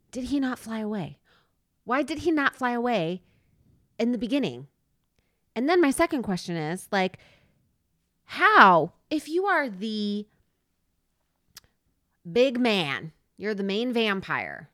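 A woman's voice: medium pitch, fairly bright tone, dry recording, studio quality. A woman co-hosting a casual movie podcast, joking and rambling through a plot retelling. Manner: playful, giggly, rambling retelling. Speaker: podcast co-host. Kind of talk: casual movie-review chat.

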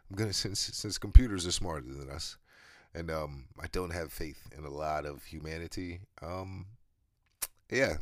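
Very deep-voiced male podcast host. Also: fairly bright tone, dry recording, clean studio sound. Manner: loose, profane, chuckling between phrases. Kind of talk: casual rambling monologue.

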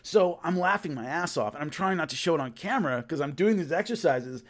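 A man's voice: fairly high pitch, expressive, a little fast. Chatty man telling a rambling story. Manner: rambling, many restarts, laughs at his own story. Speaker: host recalling filming a fight show. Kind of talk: casual storytelling monologue.

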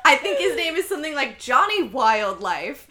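A woman chats casually with friends, her voice bright and slightly high. She tells stories in a quick, animated rush, full of fillers and restarts. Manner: animated, fast storytelling with frequent laughs and fillers. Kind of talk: casual chat among friends.

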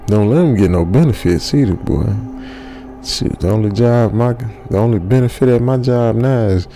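A man's voice: mid-range voice, normal speed, mellow, slight background noise. Rambling man telling a horror story. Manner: rambling and chatty, tags lines with "man", laughs at his own jokes. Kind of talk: casual spoken horror storytelling.

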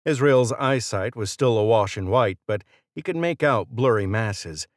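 A man narrating an audiobook in a measured, steady reading. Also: on the low side, no echo, studio quality. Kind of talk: scripted narration.

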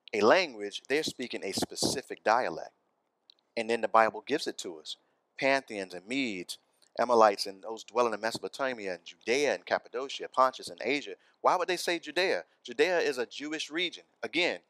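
A man's voice: medium pitch, a bit bright, no room sound. A man preaching a sermon in church, conversational and often asking the congregation questions. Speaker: pastor.

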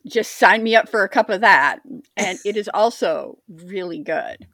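A woman's voice: medium pitch, expressive, a little slow, fairly bright tone, no room sound. A woman co-hosting a podcast in casual chat, rambling and self-deprecating. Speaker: podcast co-host.

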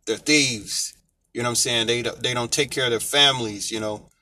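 A man's voice: mid-range voice, fairly even intonation, fast, sharp tone. An American man giving an informal Bible teaching, reading verses aloud and explaining them in a loose, conversational way. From United States. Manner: conversational, reads scripture aloud then explains it with many fillers.

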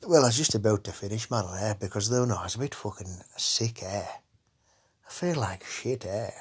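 A slightly rough, fairly low voice carries this podcast host's monologue at a moderate pace. He rambles crudely for comedy in a casual way, cursing nonstop and tagging lines with "eh?".

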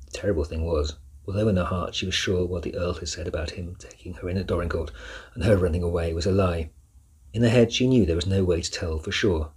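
A man narrating a children's novel chapter by chapter in a measured, steady reading. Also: low voice, slightly rough. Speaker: audiobook narrator. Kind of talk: scripted storybook narration.

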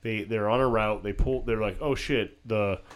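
A man's voice: fairly low pitch, normal speed, background noise. A man in his forties talking shop about the beer business in a casual podcast chat, matter-of-fact and explanatory, with some swearing. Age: 40s. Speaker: beer sales veteran.

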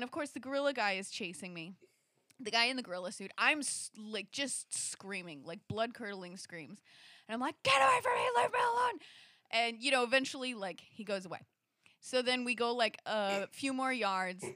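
A woman telling a personal story in a casual, animated way, full of fillers and restarts. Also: a little high, dry recording, studio quality. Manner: acts out quoted lines, rising into shrieks. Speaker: storyteller in a conversation.

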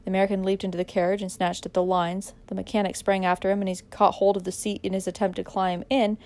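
A woman narrating a dramatic audiobook in a measured way, pressing harder in tense moments. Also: mid-range voice, little pitch movement, darkish tone.

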